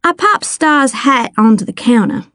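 A woman narrating a story aloud in a measured, expressive reading voice. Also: high voice, no echo, clean studio sound. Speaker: audiobook narrator. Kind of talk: scripted narration.

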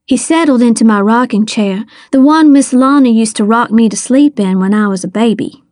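A woman reading a first-person story aloud in an unhurried, expressive way, giving voices to the characters. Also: a little high, no echo, studio quality. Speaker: audiobook narrator. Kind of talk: first-person audiobook narration.

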